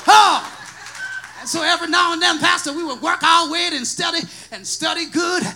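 A man from Africa with an African accent, preaching a sermon with a personal testimony in a sing-song, shouting style. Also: very high voice, normal speed, creaky, slight background noise. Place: church.

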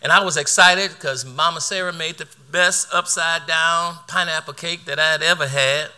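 Man, preacher, middle-aged, storytelling sermon, high pitch. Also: steady tone, moderate pace, bright, forceful tone, clear, resonant tone. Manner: storytelling, laughing through the tale, repeats words.

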